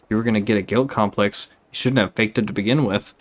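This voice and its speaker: A brash, tough male gangster from a video game, blunt and slangy in a low voice as a man reads his lines aloud. He talks plainly, with little put-on gruffness. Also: steady tone, quick pace, natural voice. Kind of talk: reading game dialogue aloud.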